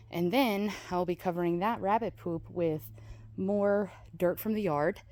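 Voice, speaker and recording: A woman's voice: fairly low pitch, a little mellow, no echo. Chatty rambling woman vlogging outdoors. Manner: chatty, rambling, swears casually. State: a little out of breath. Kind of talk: casual vlog narration while gardening. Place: outdoors in a yard and garage.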